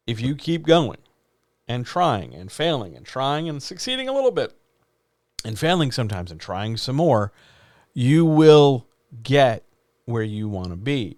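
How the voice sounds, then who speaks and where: In his forties, a man hosts a live stream from a small home studio, talking in a conversational, self-deprecating way full of rhetorical questions. His mid-range voice is captured cleanly on a studio microphone with no room sound, and background music plays.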